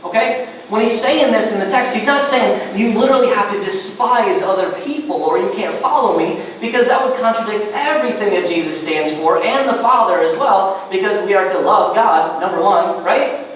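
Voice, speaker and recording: A man preaching a sermon as a pastor, animated and acting out little scenes in different voices. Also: sits high, moderate pace, a little hiss or hum. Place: church sanctuary. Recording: echoey church hall from far off.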